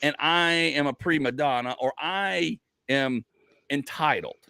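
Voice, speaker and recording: Male comedian host, animated storyteller, rambly, restarts a lot, dry close mic. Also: fairly high pitch, measured pace, gravelly, smooth, no room sound. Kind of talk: casual podcast chat.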